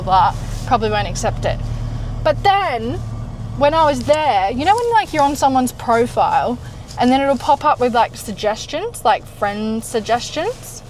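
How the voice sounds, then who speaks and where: A woman's voice: fairly high pitch, background noise. Chatty woman talking in her car. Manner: chatty, animated, acts out dialogue, swears casually. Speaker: vlogger. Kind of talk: casual storytelling. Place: in a parked car.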